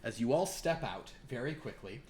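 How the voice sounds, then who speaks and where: A man's voice: medium pitch, lively intonation, normal speed, a little mellow. A man narrating a tabletop game as game master, rambling and playful. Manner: rambling, self-interrupting, playful.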